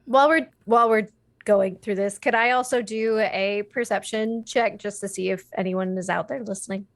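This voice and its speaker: A woman's voice: mid-range voice, steady tone, normal speed, no echo. A woman playing a tabletop game, talking hesitantly with trailing starts. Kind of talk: casual tabletop game chat.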